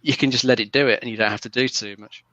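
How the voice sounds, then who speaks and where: A man talks games in a casual panel chat, quick and bright-toned. He explains at length, relaxed, often restarting his sentences. His voice sounds close and dry, with no room around it. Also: medium pitch, dry recording. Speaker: regular panelist.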